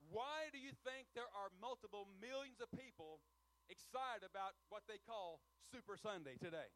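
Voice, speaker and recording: A middle-aged man with a Southern American accent preaching a sermon in church, swinging from hushed storytelling to rousing call-and-response shouts. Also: high voice, lively intonation, moderate pace, rough recording.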